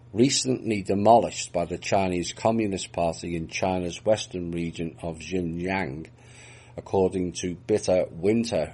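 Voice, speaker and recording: A man's voice: deep voice, dark tone, slightly rough. A man reading out news reports and adding dry, mocking remarks of his own between the items. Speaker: news commentator.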